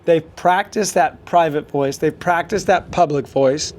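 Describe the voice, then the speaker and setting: A man's voice: fairly high pitch, unhurried, a little mellow. A man hosting a solo sports podcast, coaching listeners in a motivational way. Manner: coaching, motivational, with fillers and restarts.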